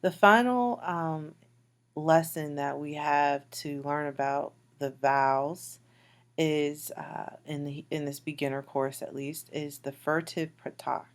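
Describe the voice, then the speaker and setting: Slow, low-voiced woman teaching Hebrew. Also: steady tone. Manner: patient, repeats words slowly with fillers. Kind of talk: recorded slide lecture.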